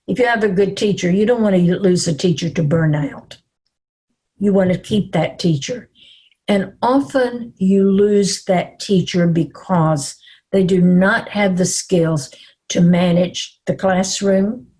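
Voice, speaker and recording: An older woman from the American South with a Southern accent, presenting at an online summit in a slow, calm and reassuring way. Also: medium pitch, slightly rough. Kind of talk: webinar presentation.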